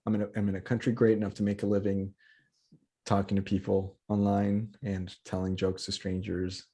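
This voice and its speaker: A man's voice: fairly low pitch, level tone, normal speed, warm tone, slightly rough. A man from Colombia who grew up in the U.S., speaking as a comedian guest on a podcast in casual conversation. He talks with passion and repeats words as he builds a point.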